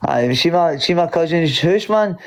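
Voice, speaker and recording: A man's voice: on the high side, expressive, normal speed. A Scottish man in a casual chat, rambling and swearing freely. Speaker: chat participant.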